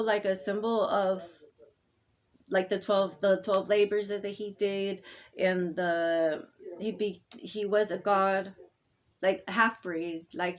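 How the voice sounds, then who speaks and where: Halting, rambling woman on camera. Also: medium pitch, a little hiss or hum. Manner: halting and rambling, many fillers and restarts; swings between soft murmuring and loud insistence. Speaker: vlogger speaking to camera. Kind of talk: unscripted personal monologue.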